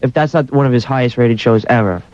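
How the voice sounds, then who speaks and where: Halting, nasal-voiced man, fast and stumbling. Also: medium pitch, a little mellow. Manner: halting, stumbling over words. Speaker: radio show staffer. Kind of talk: casual radio banter. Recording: dry lo-fi radio broadcast.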